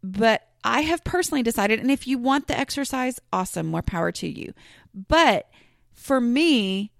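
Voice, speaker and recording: A woman's voice: fairly high pitch, animated, moderate pace, gravelly, no room sound, studio quality. A woman hosting her own podcast, talking casually and rambling, with many fillers and restarts. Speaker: podcast host. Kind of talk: casual solo podcast talk.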